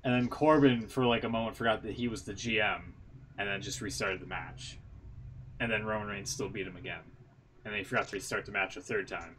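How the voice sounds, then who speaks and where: A man's voice: fairly low pitch, steady tone, fairly quick, a bit bright, a little hiss or hum. A man co-hosting a podcast in casual chat, rambling through results with jokes and laughs at his own bits. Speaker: podcast co-host.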